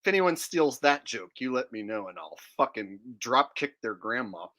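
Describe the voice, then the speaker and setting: A man's voice: medium pitch, sing-song, normal speed, sharp tone. A man chatting casually as a comedian, boastful and laughing at his own jokes.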